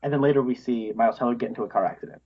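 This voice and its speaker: Racing along in a mid-range voice with fairly even intonation, this man co-hosts a podcast and chats enthusiastically about a film. His laughter comes often, his speech is padded with "um" and "like," and the audio is dull.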